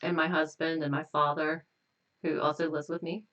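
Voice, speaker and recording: A woman hypnotist at home, hosting a live stream and slowly leading repetitive guided tapping affirmations. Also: low voice, flat delivery, recorded from a distance, lo-fi sound. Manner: slow, repetitive, gently affirming.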